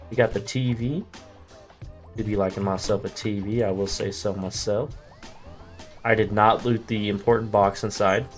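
A man's voice: on the low side, moderate pace, faint music behind. A man doing casual gameplay commentary, joking around with slang and profanity and chatting with the characters on screen. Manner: slangy, profane, jokey banter with game characters.

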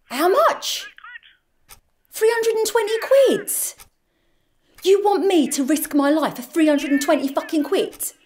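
A woman's voice: very high-pitched, a little slow, pauses often, a little mellow, a little hiss or hum. A woman playing a foul-mouthed, exasperated treasure hunter who argues and swears. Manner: exasperated, sweary, arguing on a call.

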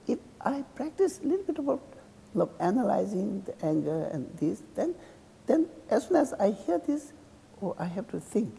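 Man, Tibetan accent, monk teaching a class, lively pitch, long hall reverb, keeps asking okay. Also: gravelly, slight background noise. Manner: halting non-native English, keeps checking in with "okay?"; acts out insults and praise with a laugh. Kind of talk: dharma class lecture. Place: teaching room in a cultural center.

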